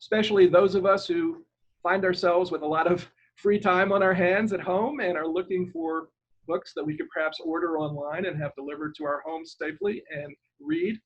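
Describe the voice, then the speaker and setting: Older husky man on dull call audio. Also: high-pitched, normal speed. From Ireland. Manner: rambling and hesitant, spells out names letter by letter. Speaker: guest, retired government lawyer. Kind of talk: relaxed interview over a video call.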